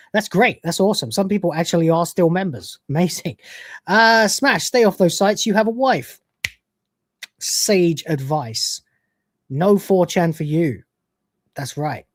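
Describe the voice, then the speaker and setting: A woman's voice: on the low side, dry recording, clean studio sound. A British woman hosting a livestream, reacting to clips and reading super chats, swearing a lot, often exasperated, and laughing often. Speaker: host.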